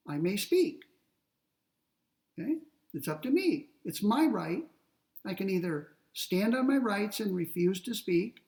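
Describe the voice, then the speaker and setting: A man lecturing on ethics, explaining step by step in a deliberate way and slowing down to read quoted passages. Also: high voice, a little mellow, distant mic, rough recording. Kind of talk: classroom lecture.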